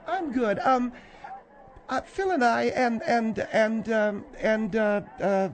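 A man puts on a fussy, prim middle-aged woman with a very high voice. She talks haltingly and takes offense easily. It plays like a comedy radio sketch. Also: heavily acted.

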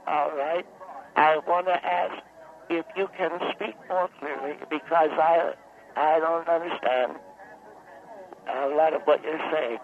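A man voicing a confused older woman caller who is lost at a carnival, halting and hesitant as she stumbles over her own spelling. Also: on the high side, steady tone, voice pushed up. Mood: puzzled. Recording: phone-like call line.

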